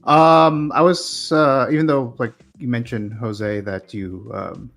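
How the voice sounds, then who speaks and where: A man's voice: mid-range voice, fairly even intonation, takes it slowly, vocal fry, a bit bright, faint music behind. A man filling in as co-host on a casual livestream, speaking hesitantly with many ums and restarts. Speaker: guest co-host.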